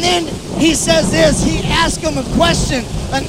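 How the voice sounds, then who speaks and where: A man preaching a sermon in a very high voice, acting out the scenes of his story with energy. Heavy rain and rolling thunder sound loudly behind him. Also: moderate pace, hardly any pauses, heavy background noise. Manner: animated storyteller, acts out the disciples' panic. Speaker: pastor.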